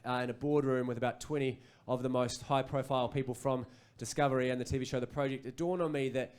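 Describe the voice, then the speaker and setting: A man's voice: mid-range voice, fast, clean tone. New Zealand man telling a rambling story. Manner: rambling anecdotal storytelling with animated impressions. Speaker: stand-up comedian. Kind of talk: stand-up comedy set. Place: comedy club stage with live audience.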